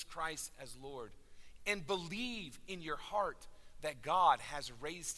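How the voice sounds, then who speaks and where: A man preaching a sermon, swinging from loud declarations to hushed, low endings. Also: expressive, slow pace. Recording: reverberant hall.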